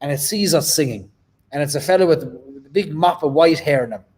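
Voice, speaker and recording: A man's voice: fairly high pitch, fairly quick, darkish tone. A man hosting a casual chat, teasing his guest and telling stories. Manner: chatty, teasing storyteller. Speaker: host.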